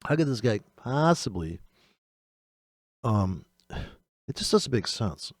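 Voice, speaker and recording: A man's voice: mid-range voice, very animated, breathy edge, dry recording, studio quality. Exasperated, profane man ranting. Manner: exasperated, profane, rapid-fire rant. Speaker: trading channel host. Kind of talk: ranting commentary on trading videos.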